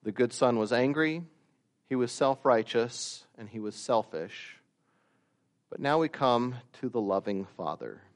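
A man preaching a sermon, slow and deliberate, rising to loud emphatic peaks and dropping to quiet asides. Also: medium pitch, expressive. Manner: slow, deliberate delivery with long pauses.

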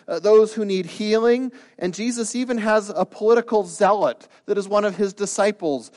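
A man delivering a sermon as pastor, his voice sitting a little on the high side. He moves between casual, conversational asides and earnest, emphatic passages that climb in intensity. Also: normal speed, hardly any pauses. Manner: earnest, emphatic preaching with rising bursts of intensity.

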